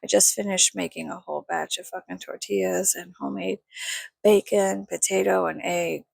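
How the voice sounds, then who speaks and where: A worn-out young woman rambles through her dawn makeup routine, swearing freely and teasing herself. Her voice has a rough, gravelly fry. The sound is dry and close. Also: on the low side, fairly even intonation, normal speed, a little mellow, dry recording. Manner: tired, swears often, self-mocking. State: tired. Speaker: vlogger. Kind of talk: casual early-morning makeup vlog.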